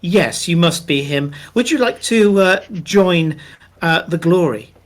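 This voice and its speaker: A man's voice: a little high, lively intonation, a little slow. A man voicing a small male goblin waiter who speaks formally and obligingly, repeating his words. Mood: eager politeness. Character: fussy male goblin waiter, polite and eager.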